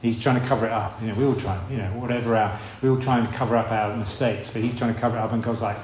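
A man's voice: on the low side, steady tone, rapid-fire, hardly any pauses, a little mellow, slight background noise. A man preaching a sermon in a conversational way, asking rhetorical questions and acting out voices. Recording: echoey room with faint ambience.

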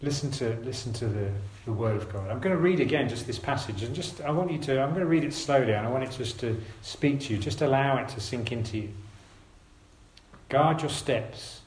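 Male preacher, mid-pitched, earnest and gentle exhortation, roomy church sound. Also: animated, fast, hardly any pauses. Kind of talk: sermon.

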